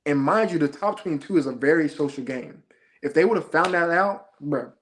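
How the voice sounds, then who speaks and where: A man's voice: fairly high pitch, fairly quick, slight background noise. A young man, a reality show contestant, telling stories in a laid-back, slangy way during a casual interview.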